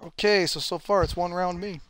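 A man's voice: sits high, fairly even intonation, fairly quick, a bit bright. A man chatting casually while playing an online shooter with a friend, talking through his day and trash-talking between kills. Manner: chatty, trash-talking, yelps when he scores. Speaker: gamer streaming with a friend. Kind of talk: casual gaming chat.

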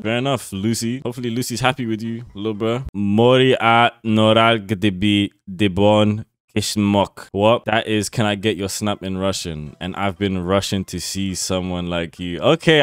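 A man's voice: on the low side, dry recording. A young man, streaming and reacting to chat messages in slangy, swearing, mocking talk. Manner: slangy, swearing, mocking, bursts into loud laughter.

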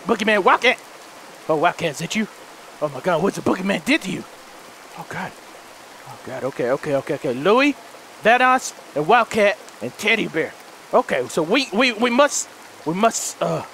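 A man hosting a horror let's play, frantic and jumpy, shouting and pleading, then muttering low to himself. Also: heavy background noise. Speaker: gaming channel host.

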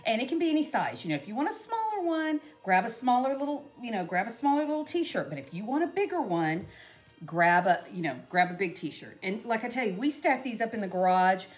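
A woman's voice: fairly high pitch, sing-song, brisk, faint music behind. A middle-aged woman, chatting casually and rambling through a craft tutorial. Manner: chatty, rambling, with frequent "you know" and laughs. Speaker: craft vlogger. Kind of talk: casual DIY tutorial chat.

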